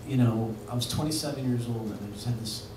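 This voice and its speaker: A man of middling pitch spins a rambling, laughing story on stage, packed with "like" and "you know". The sound is distant and echoey in a bar venue, with steady noise around it. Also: quick pace. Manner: rambling and laughing, full of fillers. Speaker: musician telling a story on stage. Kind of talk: live anecdote. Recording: echoey live room from far off with noise.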